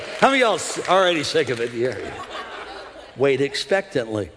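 A middle-aged man preaching a sermon as pastor, animated, swinging between loud exhortation and low, confiding asides. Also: moderate pace. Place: large church auditorium. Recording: long hall reverb.

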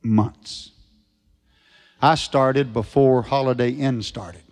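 Gravelly preacher man. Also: medium pitch, steady tone, slow pace, faint music behind. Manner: folksy, rising to shouted fervor at climaxes. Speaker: evangelist preacher. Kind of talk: revival sermon with storytelling.

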